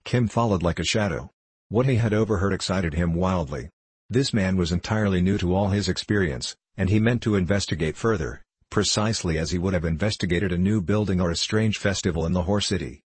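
A man narrating a classic novel as an audiobook, in measured storytelling delivery. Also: low voice, breathy edge, dry recording. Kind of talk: scripted narration.

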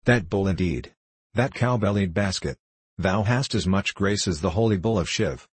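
A man voicing a fretful, scolding female vegetable seller in an audiobook, with a sharp complaining manner. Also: sits low, normal speed, breathy edge, no echo. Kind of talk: audiobook character reading.

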